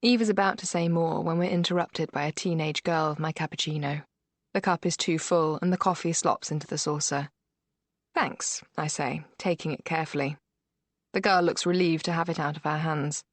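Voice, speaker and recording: A woman narrating a first-person thriller audiobook in a measured, steady way. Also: deep voice, no echo.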